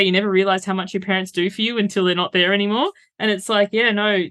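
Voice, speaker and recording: A woman speaks frankly as a guest in a conversational interview, sharing stories with easy laughter. Her voice sits at a middling pitch, neither high nor low. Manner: straight-talking, laughs while telling stories. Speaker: guest, author and coach.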